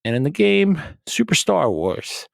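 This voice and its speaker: A man's voice: fairly high pitch, sing-song, unhurried, gravelly, no echo, studio quality. A young adult man co-hosting a podcast in casual chat, laid-back and joking, with frequent swearing. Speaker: podcast co-host.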